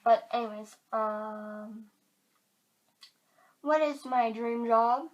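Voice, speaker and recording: A woman's voice: fairly high pitch, steady tone, extremely slow, dull audio. A teenage girl vlogging to camera in casual chat, chatty and giggly, filling her talk with "like", a bit tired.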